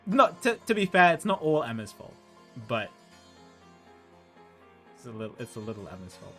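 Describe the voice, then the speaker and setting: A man's voice: medium pitch, big pitch swings, moderate pace, fairly bright tone, soft background music. A male streamer commenting casually on a game he plays, chatty and teasing, laughing often.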